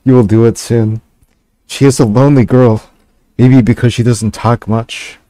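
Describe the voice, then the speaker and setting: A man reading a text game aloud and stopping for hesitant, halting asides with fillers and restarts. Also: mid-range voice, steady tone, dark tone, no echo. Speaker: gaming channel host.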